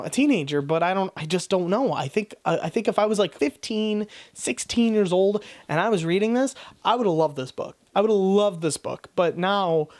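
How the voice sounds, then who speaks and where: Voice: medium pitch, darkish tone. A person in their twenties giving a casual spoken book review, blunt and frank, swearing freely and rambling with restarts. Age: 20s.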